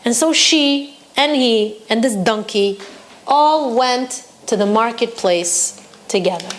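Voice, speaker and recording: A woman teacher narrating a story to her listeners, her voice sitting a little high. She tells it in a lively, expressive way, leaning into each turn of the tale. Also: slight background noise. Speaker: Torah teacher. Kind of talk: storytelling lesson.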